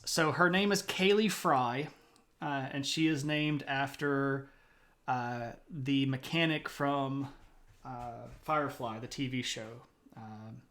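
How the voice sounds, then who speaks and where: A man hosting a history live stream, chatting casually with many fillers and laughs. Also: fairly bright tone. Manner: high sing-song voice talking to his puppy. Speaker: livestream history show host. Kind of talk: casual livestream chat.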